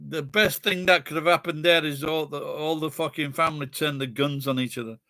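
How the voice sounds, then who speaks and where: A man's voice: on the high side, steady tone, brisk, bright, forceful tone, no room sound, clean studio sound. A middle-aged man with a Sheffield accent, rambling in casual chat with friends and swearing bluntly. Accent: Sheffield English. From Sheffield, England.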